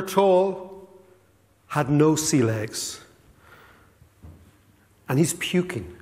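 A man in his fifties with an Irish accent, giving a storytelling talk to an audience with lively asides. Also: fairly high pitch, big-room sound. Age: 50s. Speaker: speaker. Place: school hall on stage.

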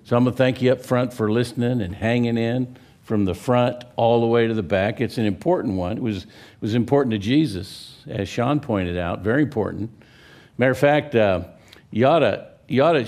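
A man with a Texan accent preaching a sermon in a church, telling stories in a folksy way and pausing to restart his phrases. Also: medium pitch, darkish tone. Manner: folksy storyteller, pauses and restarts. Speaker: pastor. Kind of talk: sermon with a story. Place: church sanctuary.

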